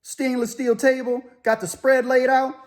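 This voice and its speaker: Animated man telling a story. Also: very high voice, normal speed. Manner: loose and animated, with sound effects. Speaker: storyteller, former inmate. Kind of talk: casual spoken storytelling.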